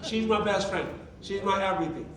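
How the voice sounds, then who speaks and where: High-voiced man giving a motivational talk. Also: fairly quick, a crowd in the background. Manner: conversational and emphatic, with many rhetorical questions. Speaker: workshop presenter. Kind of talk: motivational talk to a live group. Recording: echoey room, mic at a distance.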